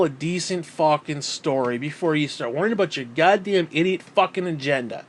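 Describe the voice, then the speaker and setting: Angry swearing guy ranting on his gaming channel, kinda high voice, repeats himself a lot. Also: normal speed. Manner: profane, heated, repetitive; mocking put-on quotes. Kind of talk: angry rant.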